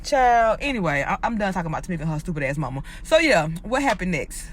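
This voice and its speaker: A woman vlogger giving a casual ranting recap, blunt and opinionated with heavy profanity, her voice jumping up in pitch when she exclaims. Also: very animated, fast. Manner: swings up into high exclaiming pitch. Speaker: reality show recap vlogger.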